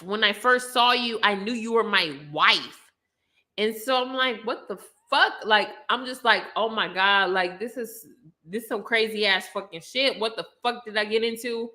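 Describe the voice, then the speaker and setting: A woman's voice: on the high side, bright, forceful tone. A young adult woman telling a story in a casual rant, blunt and emphatic with heavy swearing. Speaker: channel host.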